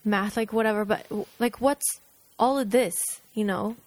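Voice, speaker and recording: A woman's voice: mid-range voice, fairly even intonation, normal speed, a little mellow. A woman co-hosting a casual chat, talking animatedly with many fillers.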